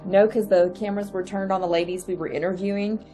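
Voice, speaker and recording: Woman, podcast guest, animated storyteller, casual chat, faint music behind. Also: quick pace. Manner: lively, acts out her own reactions with sharp rises in pitch. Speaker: podcast guest, ghost hunter.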